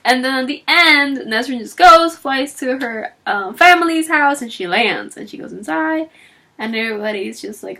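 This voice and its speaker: A woman talks casually about a novel she just finished, retelling scenes and playing out characters' lines as she goes. Her voice sits a little high and swings widely in pitch. She keeps it chatty and loose, full of fillers. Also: normal speed. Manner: animated storytelling, acting out characters' lines; chatty with frequent fillers and laughs. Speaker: book reviewer. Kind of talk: casual book talk.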